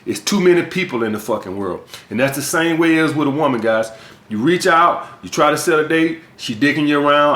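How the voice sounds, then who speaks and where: A man's voice: fairly high pitch, lively intonation, brisk, fairly bright tone. A man from the US South with a Southern accent, giving blunt, profane dating and sales advice as a coach in a vlog monologue. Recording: echoey room.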